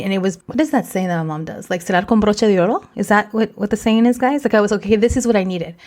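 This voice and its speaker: A woman's voice: medium pitch, a little mellow. A woman in her forties, co-hosting a podcast, speaking candidly and emotionally and slipping Spanish phrases into her English. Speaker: podcast co-host. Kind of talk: emotional casual chat.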